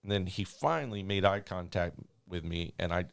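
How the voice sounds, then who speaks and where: A man working as a flight attendant, telling a story in a rambling, animated way with many restarts. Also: deep voice, moderate pace, gravelly, clean tone, no echo. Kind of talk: casual storytelling.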